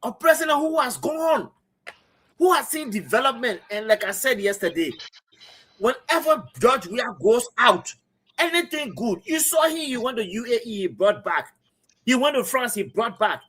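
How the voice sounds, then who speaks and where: A man's voice: very high voice, big pitch swings, moderate pace, a bit bright, husky. Passionate Liberian man commentating. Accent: Liberian English. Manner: emphatic, repetitive, addresses co-host as brother. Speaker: talk show host. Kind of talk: impassioned political commentary. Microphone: streaming setup.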